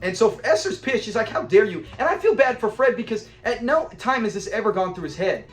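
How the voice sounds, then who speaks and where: A man casually reviewing a classic sitcom episode, animated and laughing often as he acts out scenes. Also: high-pitched, a little fast, roomy sound, faint music behind. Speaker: show reviewer.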